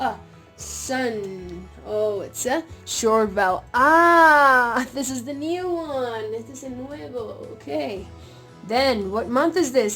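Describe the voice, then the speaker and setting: Lady teacher, kinder phonics, slow and kinda high, little gasps, soft music under it. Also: reverberant, far from the mic. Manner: slow, drawn-out sounds with playful gasps, switching between English and Spanish. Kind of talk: bilingual phonics lesson for children.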